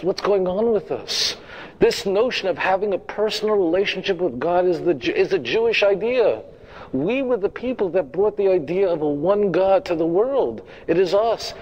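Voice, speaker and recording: A rabbi delivering a lecture, his voice sitting a little high for a man. He hammers his points home by repeating them and keeps checking in with the listeners. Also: expressive, normal speed, a little mellow, highs cut off. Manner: emphatic, repeats phrases, direct asides to the audience. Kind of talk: lecture to a congregation.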